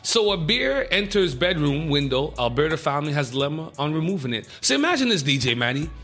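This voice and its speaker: A man hosting a radio show, reading the news in a casual, excitable way with jokey asides. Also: on the high side, fairly quick, faint music behind.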